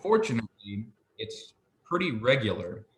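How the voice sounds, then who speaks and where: Patient man teaching slowly in an echoey room. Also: medium pitch, very animated, fairly bright tone, slight background noise. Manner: patient, explains slowly and checks understanding. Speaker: Hebrew teacher. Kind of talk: one-on-one online tutoring.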